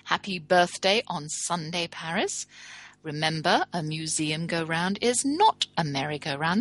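A woman's voice: on the low side, a bit bright, poor audio. A middle-aged woman hosting a radio show, chatting in a rambling way with wry asides. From England. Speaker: podcast host.

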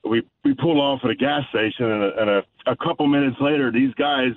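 A man's voice: medium pitch, a little fast, distant mic. A man from Texas calling in to a radio show, telling a story with many fillers and restarts. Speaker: caller. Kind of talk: phone-in storytelling. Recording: muffled phone line with faint noise.

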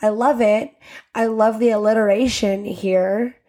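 A woman's voice: mid-range voice, steady tone, measured pace, warm tone. A woman hosting a podcast, ranting candidly and profanely in casual talk and acting out quotes as she tells stories. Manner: storytelling with acted quotes. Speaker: podcast host.

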